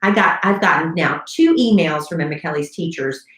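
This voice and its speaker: Female co-host, low voice, easygoing chat, roomy echo on the recording. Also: animated, fairly quick, a bit bright. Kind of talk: casual chat.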